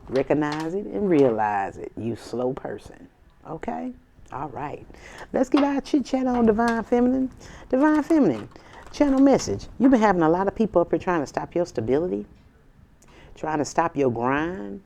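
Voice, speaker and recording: A woman's voice: deep voice, animated, moderate pace, mellow, slight background noise. A woman tarot reader in a casual spiritual reading to camera, talking in an emphatic, slangy, preachy way with sassy asides.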